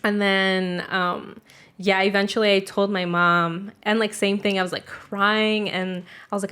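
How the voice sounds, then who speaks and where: Young woman, casual storyteller, lots of "like", swears freely, even middle-pitched voice. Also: unhurried, clean tone. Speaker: guest telling a story. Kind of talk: casual chat.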